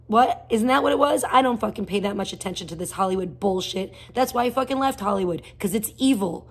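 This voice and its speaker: A woman streaming live, her voice husky with a breathy edge. She rants bluntly and profanely, rambling from one grievance to the next. Now and then she breaks off to greet viewers in chat. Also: medium pitch. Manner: greets chat viewers by name mid-rant. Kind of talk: casual ranting livestream chat.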